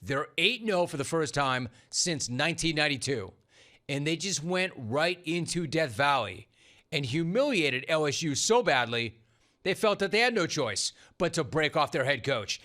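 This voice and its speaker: A man's voice: on the high side, lively intonation, normal speed, bright, forceful tone. Sports talk radio guy, punchy sarcastic rant, voice jumping all over. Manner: punchy, sarcastic, rhetorical questions. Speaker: sports talk show host.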